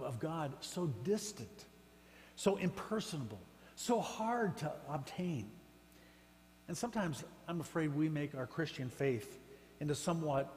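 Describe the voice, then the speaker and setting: A man preaching a sermon as pastor, with emphatic, rising exclamations. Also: on the high side. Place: church sanctuary. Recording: church hall reverb with faint hum.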